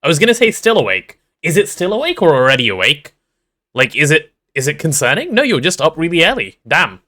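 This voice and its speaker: Bright, lively male game streamer. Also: a little high, brisk. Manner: playful, greets and answers chat aloud with repeated words. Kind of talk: casual live-stream chat.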